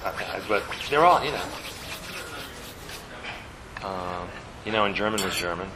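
A man as guest in a casual film chat, talking quickly and restarting his sentences often. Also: sits low, lively intonation. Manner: quick, restarting, self-interrupting. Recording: background noise with dish clatter.

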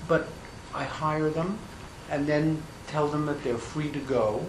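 An older man, a film director answering questions at a press conference, speaking haltingly with restarts and self-deprecation. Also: on the high side, fairly even intonation. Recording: echoey room with background noise.

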